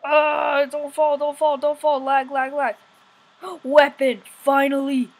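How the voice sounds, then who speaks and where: A young woman giving rambling, excitable let's-play commentary, often whining, recorded on a poor home setup. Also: sits high, takes it slowly. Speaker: gamer.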